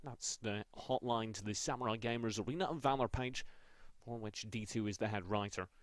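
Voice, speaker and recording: A male podcast host reading out show links and social handles in a smooth, announcer-style delivery. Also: medium pitch, a bit bright, no echo. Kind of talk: casual podcast chat.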